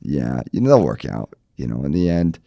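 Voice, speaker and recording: Sick man with a deep, dark voice. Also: normal speed, creaky, no echo. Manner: deadpan, trolling, fillers like "right?". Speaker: podcast co-host. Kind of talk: casual chat.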